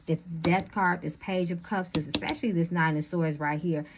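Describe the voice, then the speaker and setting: A woman talks through a tarot spread in a loose, chatty way, calling her viewers y'all as she thinks aloud. Her voice sits on the low side and has a slight lisp from retainers. A faint hiss of background noise runs under the recording. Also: steady tone, normal speed. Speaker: tarot reader. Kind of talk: casual tarot reading monologue.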